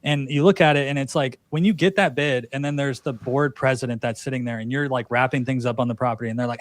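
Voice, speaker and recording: A man's voice: mid-range voice, fast talker, no echo. A man hosting a casual podcast chat, teasing his guest and giving practical business advice. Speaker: podcast host.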